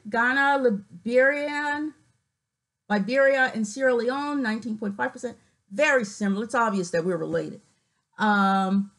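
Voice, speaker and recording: A woman vlogging casually, reading figures off her screen with many fillers and pauses, her voice cutting in and out. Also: a little high, a bit bright, low-quality recording. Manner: reads figures aloud haltingly with many fillers. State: voice cuts in and out.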